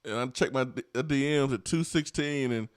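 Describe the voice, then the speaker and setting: A man's voice: medium pitch, normal speed, smooth, no room sound, clean studio sound. A man co-hosting a sports radio show, playful and laughing often, repeating catchphrases. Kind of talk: casual sports talk chat.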